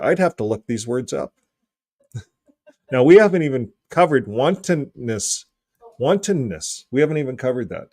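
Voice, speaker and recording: A man hosting a casual video, reading from a book and joking, clearing his throat often, with his voice getting hoarse. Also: medium pitch, a little mellow, dry recording. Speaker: video host.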